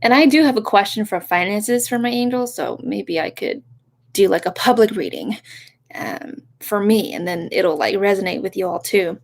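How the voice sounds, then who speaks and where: A young woman giving a casual live-stream reading, talking softly and rambling, breaking off to greet viewers with sudden excitement. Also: medium pitch, moderate pace, creaky. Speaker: live tarot reader.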